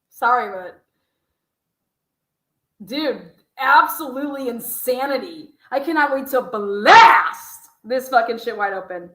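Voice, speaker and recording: A woman's voice: a little high, expressive, takes it slowly, a bit bright, reverberant, poor audio. A woman giving blunt, angry, profanity-heavy commentary on a livestream, swearing constantly as she rants.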